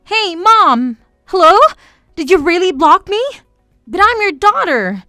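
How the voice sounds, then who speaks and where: Casting: a woman playing a begging teen daughter, high and bright, dry close sound, soft music under. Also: big pitch swings, unhurried, dry recording, full character voice. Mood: pleading. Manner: pleading, tearful. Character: desperate teenage girl begging her mother.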